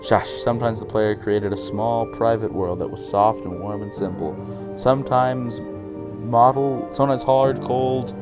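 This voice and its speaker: A man's voice: mid-range voice, steady tone, measured pace. A man hosting a game session, reading the game's text aloud and often stumbling and giggling over the words. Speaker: channel host. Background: game music.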